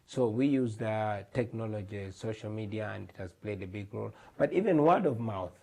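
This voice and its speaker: A man's voice: lowish voice, animated, normal speed, gravelly, a little mellow. A man in his thirties from Uganda, an earnest, emphatic guest in a TV studio interview. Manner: earnest, emphatic, repeats words. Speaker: guest, musician.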